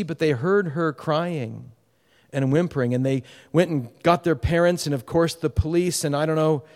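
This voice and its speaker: A middle-aged male pastor preaching a sermon, telling a story that swings between loud urgency and hushed tenderness. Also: a little high. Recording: long hall reverb.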